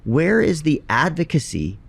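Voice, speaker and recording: Gravelly, emphatic male co-host. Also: a little high, sing-song, measured pace. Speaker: podcast co-host. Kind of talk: live podcast Q&A chat. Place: seminar stage.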